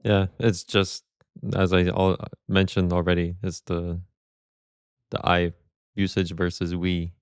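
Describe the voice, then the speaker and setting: A man with a very deep, smooth voice gives calm, measured opinions as a podcast co-host. He speaks in brief replies on a close, dry mic. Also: no echo. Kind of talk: casual chat.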